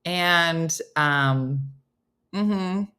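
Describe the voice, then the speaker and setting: A woman's voice: lowish voice, very slow, pushed and bright. A middle-aged woman hosting a casual live chat, laughing and reading out viewers' comments. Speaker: host.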